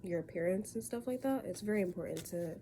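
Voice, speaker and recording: A woman's voice: medium pitch, fast, dark tone, a little hiss or hum. A young woman with a stuffy cold, giving a casual tarot reading from her bed and rambling as she corrects herself. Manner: rambling, loose and self-correcting. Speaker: tarot reader. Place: in bed at home.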